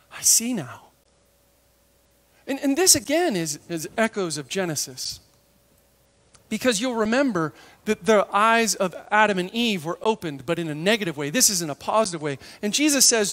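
A male preacher with a fairly high voice delivers a lively sermon. He slips into the voices of biblical figures as he tells the story and sinks to a near whisper for the tender parts. The delivery is expressive and conversational. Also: unhurried, long pauses, long reverb tail. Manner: drops to a hush for tender moments.

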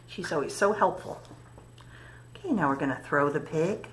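A woman leading a story time for toddlers in a library story room, speaking gently and encouragingly to little children and their parents. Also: deep voice, lively intonation, normal speed, background noise.

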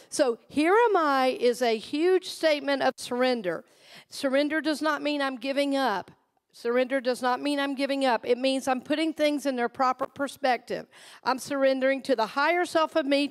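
Female minister, middle-aged, high voice, sermon with call-and-response, conversational and warm in tone of address. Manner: call-and-response, asks the congregation to repeat phrases; conversational storytelling, drops soft and low for personal anecdotes.

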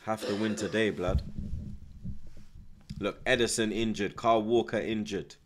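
A man's voice: on the low side, steady tone, measured pace, a little hiss or hum. A young man, chatting casually on a live football stream, reading out viewer comments, nervous but hyped. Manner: slangy, repeats himself, reads out chat, nervous yet hyped.

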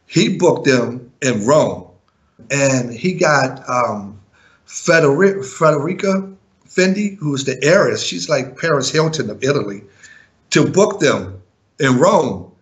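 Indignant, animated man telling stories. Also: mid-range voice. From living in Europe. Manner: animated, indignant, frequent fillers and restarts. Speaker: former music manager, interview guest. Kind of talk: candid interview storytelling.

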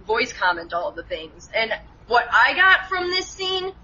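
Woman, bright tone, casual analytical chat, lo-fi sound, faint hiss. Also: on the high side, sing-song, normal speed. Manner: explains at length, analytical. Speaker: co-host in a film review chat.

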